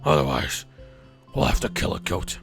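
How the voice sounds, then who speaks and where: A man voicing a stern older male teacher in a visual novel, speaking slowly and solemnly. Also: over music, close to an everyday voice. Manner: slow, solemn lecturing.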